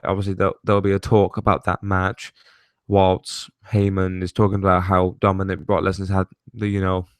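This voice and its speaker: A young man rambles through a casual chat show, swearing freely and breaking into laughter. His voice sits fairly low, and the sound is dry with no room echo. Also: clear, resonant tone. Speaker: host.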